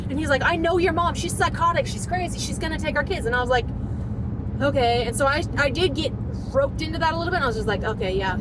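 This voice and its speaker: A woman in her thirties telling a painful personal story, her voice shaky as she holds back tears. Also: very noisy. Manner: fighting back tears, voice dropping low and shaky.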